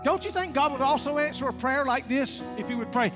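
A man preaching a sermon as pastor, animated, dropping to hushed tones when he quotes. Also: very high-pitched, fairly quick. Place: church sanctuary. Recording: long hall reverb, faint music.

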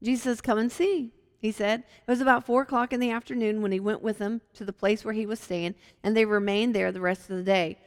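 A woman from Virginia teaching a Bible passage in a casual, animated way, acting out the quotes in lively voices. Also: mid-range voice, brisk, few pauses, in a large hall. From Hampton, Virginia.

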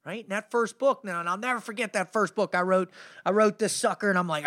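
A man's voice: high-pitched, fast talker, sharp tone. A middle-aged man hosting a motivational podcast, telling a story in a fired-up, slangy way and saying "man" a lot. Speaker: podcast host and motivational speaker. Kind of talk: energetic storytelling monologue.

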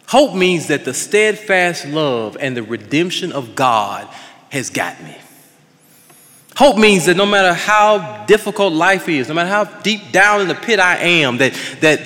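Impassioned preacher with a lively voice. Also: male voice, sits high, a little slow, in a large hall. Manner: impassioned, swinging from loud to hushed. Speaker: pastor. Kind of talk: sermon.

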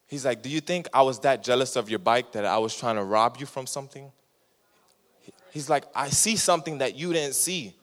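Storytelling young preacher in a reverberant hall. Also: male voice, medium pitch. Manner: animated, acts out voices in his stories. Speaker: youth pastor. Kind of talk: sermon with storytelling.

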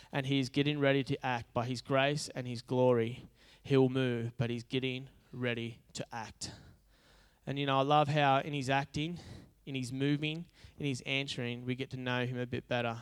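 A man's voice: medium pitch, flat delivery, moderate pace, smooth. A male pastor preaching a conversational, humorous sermon that builds into emphatic repetition.

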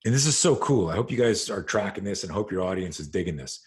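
A low-voiced, fast-talking middle-aged man who teaches self-defense shares a story in an interview. Full of profanity and animation, he acts out the scenes while he talks.

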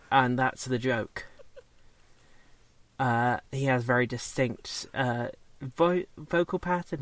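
Slow, rambling man in a dry room. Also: medium pitch, no echo. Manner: rambling, hesitant, many fillers and restarts. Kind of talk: casual chat.

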